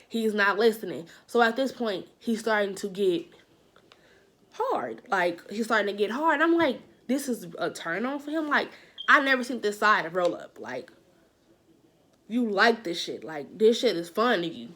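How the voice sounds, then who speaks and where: Animated woman telling a storytime. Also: medium pitch, normal speed. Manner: animated, repeating phrases for emphasis; heavy use of "like" as a filler. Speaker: vlogger. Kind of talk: casual storytime monologue.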